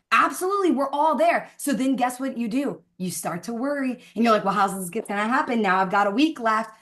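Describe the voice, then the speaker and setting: A woman's voice: a little high, fairly bright tone. Fervent woman preaching on a video call. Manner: fervent, preachy, speeds up and slows down for emphasis. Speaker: team leader hosting a Zoom call. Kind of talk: faith-filled motivational talk.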